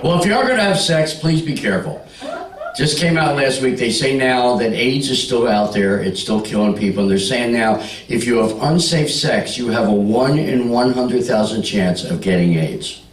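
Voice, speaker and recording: A male stand-up comic working a club crowd, brash and teasing, his pitch swinging up and down as he sells each joke. He sounds a bit off the mic, with an echoey room around him. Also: animated, moderate pace, recorded from a distance. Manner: brash, teasing, bawdy banter with the audience. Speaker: stand-up comedian. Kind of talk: stand-up comedy with crowd work. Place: comedy club stage.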